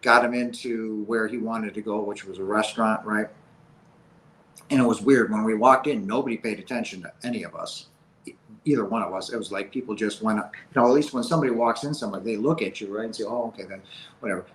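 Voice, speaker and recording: A man's voice: fairly low pitch, quick pace, slight background noise. A man telling a personal story casually, with frequent "like" and "right?". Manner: recounts events with frequent "like" and "right?". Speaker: guest sharing a personal experience. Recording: roomy, faint background ambience.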